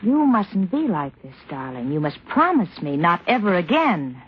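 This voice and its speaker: Coy breezy young wife, lively lilting voice, muffled old radio sound. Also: female voice, fairly low pitch, moderate pace, husky, full character voice. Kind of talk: 1940s radio acting. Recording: dull vintage radio recording.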